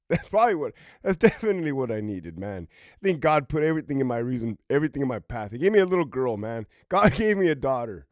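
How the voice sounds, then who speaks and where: Animated, laughing storyteller man. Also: medium pitch, dry recording, studio quality. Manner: profane, laughing often, animated. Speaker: former prison officer, storytelling vlogger. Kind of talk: casual storytelling monologue.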